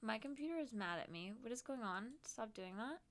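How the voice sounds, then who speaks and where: Bright, animated young woman streamer. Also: a little high, fairly quick. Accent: put-on Boston. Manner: animated and self-deprecating, acts out quotes, giggles often. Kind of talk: casual chat. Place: home streaming setup.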